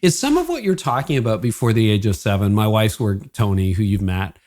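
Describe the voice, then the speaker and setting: A man's voice: on the low side, very animated, brisk, darkish tone. A man hosting a podcast, chatting casually, telling self-deprecating stories and asking his guest questions. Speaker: podcast host. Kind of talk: casual interview chat.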